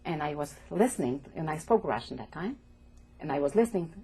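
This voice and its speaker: An older woman from Poland giving oral history testimony as an interviewee, speaking haltingly and repeating words as she goes. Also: deep voice, lively intonation, mellow. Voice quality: gravelly, husky.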